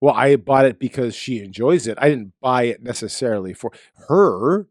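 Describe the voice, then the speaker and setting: A middle-aged Canadian man co-hosting a casual chat show, animated and laughing often, with sudden high exclamations. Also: normal speed, no room sound, clean studio sound. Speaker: podcast co-host. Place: home basement.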